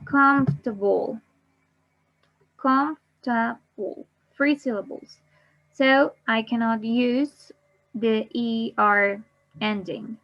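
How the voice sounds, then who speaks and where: Woman english teacher, very slow and deliberate, bit high voice, dull lo-fi sound. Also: fairly even intonation. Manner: repeats each word, then gives the Spanish. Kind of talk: slow bilingual grammar lesson.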